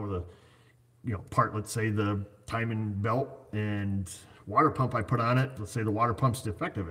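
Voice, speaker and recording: A man's voice: fairly low pitch, fairly bright tone. A man who owns an auto repair shop, talking casually in a rambling, joking way and walking through hypothetical examples. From United States. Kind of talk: casual chat.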